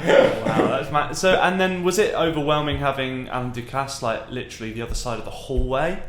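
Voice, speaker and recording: A man's voice: mid-range voice, a little fast, roomy sound. A man hosting a casual podcast interview, laughing easily and asking eager questions. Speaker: podcast host.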